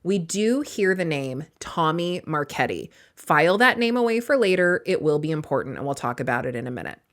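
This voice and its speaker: A woman's voice: sits low, sing-song, brisk. A woman co-hosting a podcast, casually recapping a romance novel's plot with playful asides. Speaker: podcast co-host. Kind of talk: casual book-recap chat.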